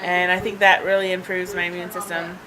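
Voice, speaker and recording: A woman's voice: lowish voice, flat delivery, brisk, a crowd in the background, poor audio. A woman vlogger telling a personal story in a rambling, chatty way, laughing often and filling gaps with ums and restarts, recorded on a handheld device. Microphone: handheld device camera.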